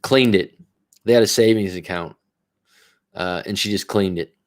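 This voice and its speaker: Here a life coach with a low-pitched voice talks at normal speed, coaching and storytelling casually on a live stream. The talk is profane and meandering, with frequent self-interruptions and restarted sentences.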